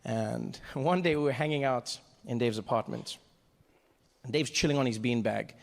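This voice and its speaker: South African comedian in a large echoing hall. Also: male voice, medium pitch, moderate pace, gravelly. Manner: animated, acts out other people's voices. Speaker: stand-up comedian. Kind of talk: stand-up storytelling. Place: large theatre stage. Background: audience laughter.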